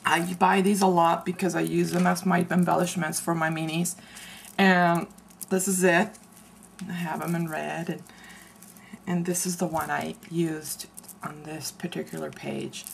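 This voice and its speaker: A woman casually showing her handmade craft album, chatty and meandering, often pausing mid-sentence to search for words. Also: on the low side, vocal fry, a little hiss or hum. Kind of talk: casual show-and-tell craft video.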